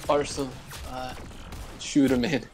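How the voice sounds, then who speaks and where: A woman's voice: rumbling low, flat delivery, a little slow, over a noisy crowd. A woman playing along with a friend, making teasing jokes in casual gaming chat. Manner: joking, teasing. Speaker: gaming co-player.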